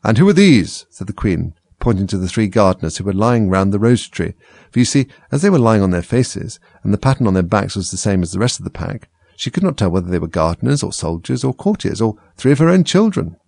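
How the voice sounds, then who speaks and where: Male storybook narrator: husky, expressive, dry close recording. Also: low voice, fast talker, no echo. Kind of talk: storybook reading.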